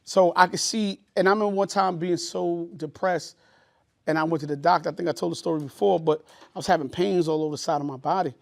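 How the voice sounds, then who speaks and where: A man with a New York accent, co-hosting a podcast in casual chat, tired and reflective with animated reactions. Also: fairly high pitch, quick pace, creaky. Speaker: podcast co-host.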